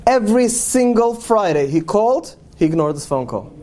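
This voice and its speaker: A man with a fairly high voice tells stories to a gathering, speaking with a lilt. He is earnest and stretches out his key words for weight. A faint hiss of noise sits under his voice. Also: big pitch swings, warm tone. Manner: earnest, slows and lingers on key words for emphasis. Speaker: rabbi. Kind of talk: storytelling talk to an audience.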